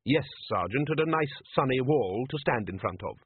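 A cool, calculating ruler played by a man weighs each word slowly and lets dry irony hang in the air. The voice is husky, recorded dry with a narrow, phone-like tone. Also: medium pitch, expressive, no echo. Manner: measured, ironic, slow and deliberate. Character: cunning, cool male ruler, dry and aloof. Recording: dry, tinny phone-like sound.

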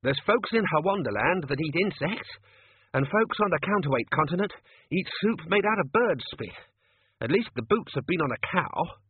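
A man reading aloud, voicing a gruff but kindly restaurant manager. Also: a little high, expressive, normal speed, no room sound, voice pushed up. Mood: defensive. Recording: phone-like lo-fi recording.

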